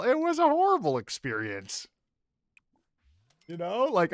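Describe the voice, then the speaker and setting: A man's voice: high voice, huge pitch swings, a little slow, pauses often, no echo, clean studio sound, soft background music. Chatty young man playing a game. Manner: rambling, chatty, talks to viewers and his dog. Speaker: gaming YouTuber. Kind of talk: casual let's play commentary. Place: small soundproofed home office.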